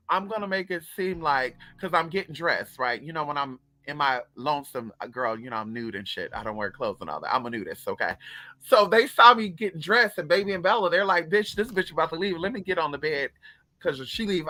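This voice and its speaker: A woman's voice: fairly low pitch, sharp tone. A woman telling stories straight to her viewers in a casual, profane vlog, as a spiritual coach who runs online classes.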